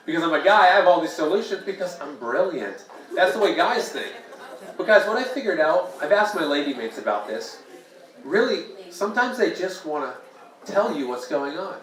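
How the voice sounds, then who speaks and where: At an open mic in a small bar, a man jokes at his own expense and trades playful remarks with the crowd. His fairly high, fairly bright voice swings widely in pitch at a moderate pace, and an echoey, distant room mic catches the audience's laughter.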